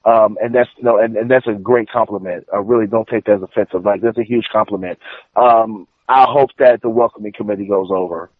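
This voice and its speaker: A man's voice: lowish voice, fairly even intonation, fairly quick, no room sound. A man giving rambling, filler-heavy opinions as a podcast panelist. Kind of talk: casual podcast chat. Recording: dry phone-like line.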